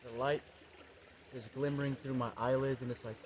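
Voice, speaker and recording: Laid-back bro with running water behind. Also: male voice, medium pitch, fairly even intonation, slight background noise. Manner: laid-back bro slang, swearing, slow dreamy delivery. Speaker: comedy creator. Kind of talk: parody spiritual vlog monologue. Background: trickling, pouring water.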